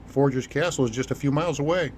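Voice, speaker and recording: A man narrating an audiobook in an even, measured reading style. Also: medium pitch, slight background noise. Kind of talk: scripted narration.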